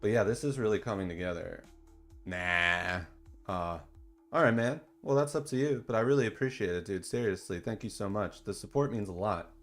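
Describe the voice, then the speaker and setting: A man hosting a casual livestream in a laid-back, slangy way that turns excited at times. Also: fairly low pitch, moderate pace, faint music behind. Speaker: streamer and dungeon designer.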